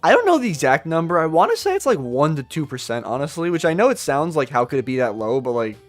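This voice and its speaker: A man's voice: on the high side, sing-song. Young man chatting casually on a trading stream. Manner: loose, joking, slangy, reacts to chat with quick laughs. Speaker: livestream day trader. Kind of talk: casual livestream chat reading viewer comments. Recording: faint music behind the voice.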